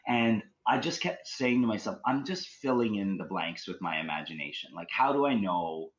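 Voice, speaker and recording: A man's voice: lowish voice, expressive, moderate pace, dull audio. A man from Canada, a guest on a podcast, telling a story casually and rambling with lots of fillers. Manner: rambling, with many "like" and "you know" fillers.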